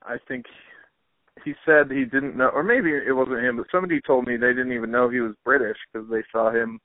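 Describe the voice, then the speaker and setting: A man's voice: medium pitch, fairly quick, dry recording. A man hosting a podcast, chatting casually with many fillers. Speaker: podcast host. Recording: dry, phone-like narrow sound.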